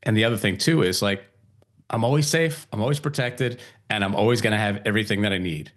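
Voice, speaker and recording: A man's voice: lowish voice, fast talker. Laid-back man hosting a spiritual podcast. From Italian heritage. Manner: relaxed, laughs often, acts out quoted voices. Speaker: podcast host. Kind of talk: casual spiritual conversation.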